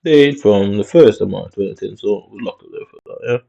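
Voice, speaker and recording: This dull lo-fi recording has a Jamaican man vlogging, casually remarking on his screen while muttering, swearing, and using slang in a Jamaican accent. He talks a little fast in a lowish, warm voice with vocal fry.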